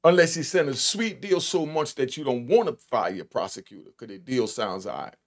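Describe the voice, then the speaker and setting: A man's voice: medium pitch, lively intonation. Blunt streetwise man commenting. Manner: blunt, emphatic streetwise talk, drawn-out stresses. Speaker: commentator reacting to played clips. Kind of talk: casual reaction commentary.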